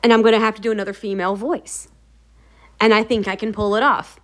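This is a woman talking fast at a medium pitch while hosting a motivational video series. Her delivery to the camera is casual, supportive and chatty, an energetic story sprinkled with many fillers.

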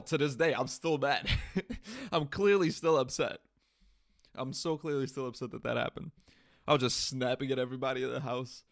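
A young man hosting a podcast, ranting in a casual comedic monologue, swearing and laughing at himself, recorded on a studio mic. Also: mid-range voice. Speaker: podcast host. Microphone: studio mic through audio interface.

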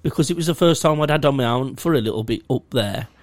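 A man's voice: mid-range voice, fast, dry recording. A young man, rambling through a sweary, self-mocking story in casual chat. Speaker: podcast co-host.

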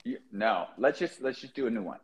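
A man's voice: mid-range voice, expressive, a little fast, lo-fi sound. A man hosting a podcast in casual chat, loose and profane while moderating.

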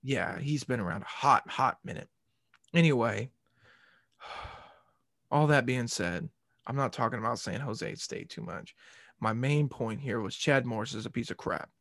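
A man's voice: medium pitch, measured pace, long pauses, a bit bright, no echo, studio quality. A man hosting a casual sports podcast, rambling and joking, ranting and swearing as he goes. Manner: rambling and jokey, swears and rants. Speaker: podcast host.

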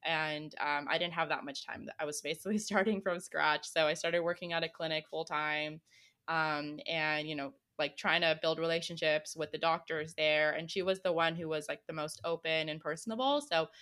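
A young woman co-hosting a casual chat, telling an animated story with frequent laughs. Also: low-pitched, moderate pace, smooth. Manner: animated storyteller, acts out quoted voices, laughs often. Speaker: co-host.

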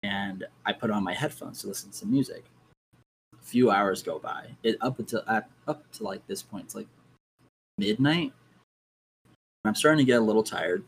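Young man telling ghost stories, low voice. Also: gravelly, a little hiss or hum, poor audio. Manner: animated storyteller, acts out his own reactions. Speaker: guest. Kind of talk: casual ghost story telling.

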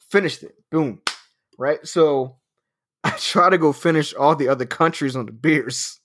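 A man's voice: fairly high pitch, animated, moderate pace, a bit bright. A man in his thirties telling a story in casual chat, swearing often and laughing as he talks. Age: 30s. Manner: profane, laughing anecdote telling.

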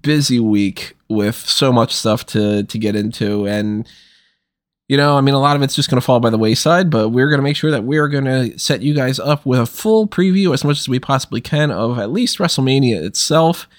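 A man's voice: mid-range voice, moderate pace, no room sound, studio quality. A man hosting a casual podcast chat while a little under the weather, talking in a wry, deflated, complaining way. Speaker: podcast host.

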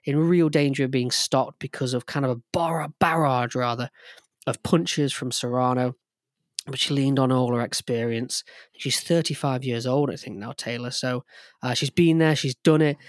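A man's voice: medium pitch, no room sound, clean studio sound. A man co-hosting a sports podcast, talking enthusiastically in a rambling way, with lots of fillers and restarts. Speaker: podcast co-host. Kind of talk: casual sports chat.

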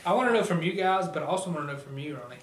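A man's voice: on the high side, lively intonation, racing, a bit bright. A man co-hosting a casual talk show, rambling with lots of fillers and casual swearing. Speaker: podcast co-host. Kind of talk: casual chat. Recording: echoey room, mic at a distance, faint noise.

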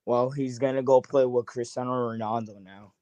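Casting: laid-back male caller, short answers, mellow dark tone, dry. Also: mid-range voice, steady tone, normal speed, dry recording. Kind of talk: casual sports chat.

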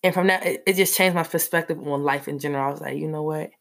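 A woman telling a personal story in a casual, animated way, full of fillers. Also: sits low, fast talker, vocal fry.

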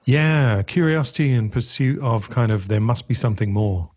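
A man's voice: medium pitch, normal speed, a little mellow, breathy edge. A man who works as a coach, telling a story in a thoughtful, curious, conversational way.

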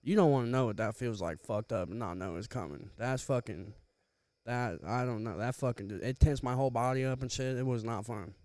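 A man's voice: medium pitch, brisk, a little mellow, dry recording. A young man casually telling a profane story on a podcast, laughing often, close to the mic. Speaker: podcast co-host.

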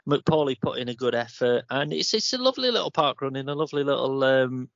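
A man's voice: mid-range voice, animated, fast, vocal fry, fairly bright tone, no echo. Man, podcast chat, chatty and rambling, dry, muffled recording. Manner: rambling, chatty, laughs easily. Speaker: podcast co-host. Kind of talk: casual chat. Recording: dull, dry lo-fi sound.

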